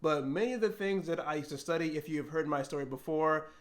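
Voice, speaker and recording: Earnest young man, slightly high voice. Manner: earnest and confessional, with frequent pauses and restarts. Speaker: language-learning vlogger. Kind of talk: reflective personal vlog monologue.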